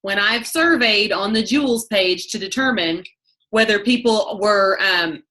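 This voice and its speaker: Bright-voiced fast-talking woman leading a call. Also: medium pitch. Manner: fast, chatty, self-interrupting. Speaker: network marketing team leader. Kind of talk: team training call.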